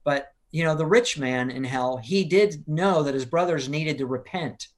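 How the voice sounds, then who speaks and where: A man's voice: on the high side, moderate pace. An older man earnestly telling a personal testimony in an interview, urgent and acting out the people he quotes. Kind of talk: earnest storytelling in a live-streamed interview.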